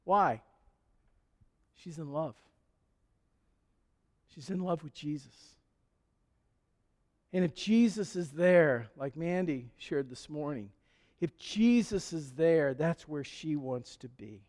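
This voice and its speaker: A male pastor preaching a sermon in a relaxed, conversational storytelling way. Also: on the high side, slow, long pauses. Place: church sanctuary. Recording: long church hall reverb.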